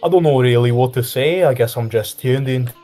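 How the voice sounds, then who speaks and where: Laid-back south african guy on a stream, warm mellow voice. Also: medium pitch, a little fast, soft background music. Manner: easygoing, laughs a lot. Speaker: stream guest. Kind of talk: casual chat on a live stream.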